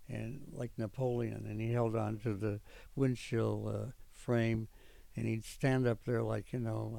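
An older man with a gravelly, mellow voice recounts his memories, stopping often with fillers as he rambles on. The sound is dry and close. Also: mid-range voice, no echo. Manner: rambling storytelling with frequent pauses and fillers. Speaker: veteran interviewee. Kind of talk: oral history recollection.

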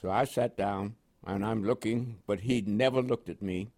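A man's voice: on the low side, moderate pace. An older man from Panama with a New York accent tinged with West Indian inflections, recounting his army years in an oral history interview and laughing now and then. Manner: animated storyteller with laughs and quoted dialogue. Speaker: interviewee, veteran.

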